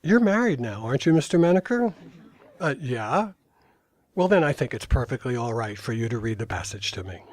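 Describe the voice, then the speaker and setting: A man's voice: medium pitch, very animated, a little fast, a little mellow. An older man reading aloud from his own memoir at a live talk, in dry storytelling with brief asides to the audience.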